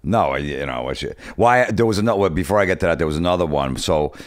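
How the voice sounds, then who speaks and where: A man's voice: low voice, lively intonation, fast, no echo, clean studio sound. A man from New Jersey, a comedian guest telling blunt, profane stories in casual chat. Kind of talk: casual storytelling.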